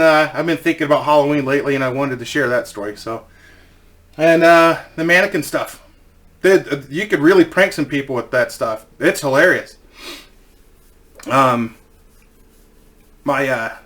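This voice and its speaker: Middle-aged male vlogger, slightly high bright voice, loose swearing storyteller. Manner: rambling, swearing, laughing often. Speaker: channel host telling a story. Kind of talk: casual storytelling vlog.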